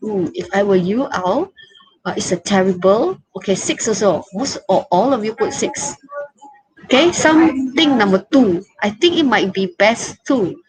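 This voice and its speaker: A woman's voice: mid-range voice, expressive, unhurried, low-quality recording. A woman with a Malaysian English accent teaching an online English class, chatty and coaxing, and calling herself teacher.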